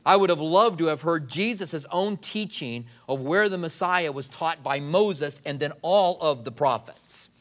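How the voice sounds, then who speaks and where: A man's voice: a little high, expressive, fairly bright tone. Man preaching an emphatic sermon. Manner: preaching with emphatic slowdowns and quoted voices. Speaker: pastor.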